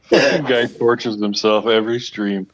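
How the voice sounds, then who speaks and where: A man's voice: fairly low pitch, steady tone, normal speed. A man in casual chat with friends on a stream, laid-back and amused. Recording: dull lo-fi line with faint noise.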